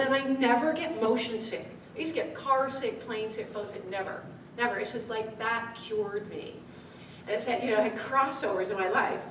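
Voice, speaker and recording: A woman speaking coach telling a lively story to a live audience, laughing often as she talks. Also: a little high, moderate pace. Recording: distant mic in an echoey room with background noise.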